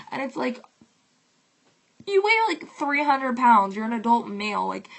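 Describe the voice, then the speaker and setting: A young woman talks straight to her viewers in a loose, casual rant. Her voice carries a gravelly fry, and her talk is full of "like" and the odd swear word. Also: medium pitch, a bit bright, low-quality recording. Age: young adult. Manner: heated, fast-talking, fillers of "like", swearing. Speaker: vlogger.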